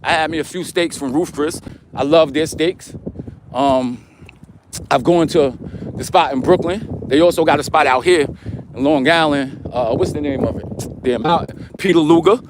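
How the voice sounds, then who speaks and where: High-voiced New man chatting. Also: moderate pace, noisy background. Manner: slangy, repetitive, talks straight to viewers. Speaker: livestream host. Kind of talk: casual chat to a live chat.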